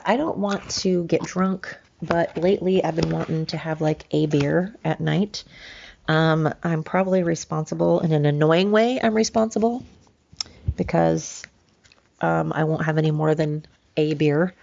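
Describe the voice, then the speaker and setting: A woman's voice: sits low, steady tone, a little slow, gravelly, darkish tone, dull audio, a little hiss or hum. A woman in her late forties from the United States, rambling through a casual solo podcast with lots of ums and self-corrections. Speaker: podcast host.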